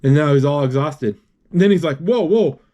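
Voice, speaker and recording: A man with a slightly higher voice, narrating a film off the cuff. He talks haltingly, restarting phrases, saying "he's like" and adding spoken sound effects as he goes. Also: warm tone. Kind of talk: unscripted play-by-play retelling.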